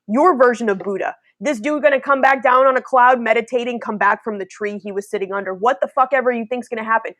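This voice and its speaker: A young woman with a fairly high voice rants bluntly through a casual spiritual chat, swearing freely and slipping into mocking impressions. Her voice is close and dry, with no room sound. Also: fast, few pauses, fairly bright tone, dry recording. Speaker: host.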